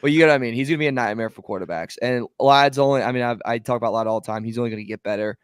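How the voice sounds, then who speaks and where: A man co-hosting a sports podcast, talking in an excitable, emphatic way in casual chat. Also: medium pitch, racing, clear, resonant tone, no echo, studio quality. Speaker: podcast co-host.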